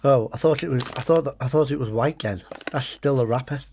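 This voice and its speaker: A man's voice: mid-range voice, a little fast, a little mellow, a little hiss or hum. A middle-aged man from Britain chatting casually to camera while taste-testing food, with wry, muttered asides to his viewers. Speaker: food vlogger. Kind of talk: casual comic taste-test chat to camera.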